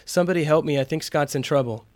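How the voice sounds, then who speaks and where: Worried female secretary, as a male narrator puts her on, urgent, pleading, louder than the narration. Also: on the high side, steady tone, fairly quick, dry recording, lightly acted. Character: anxious female office secretary, adult.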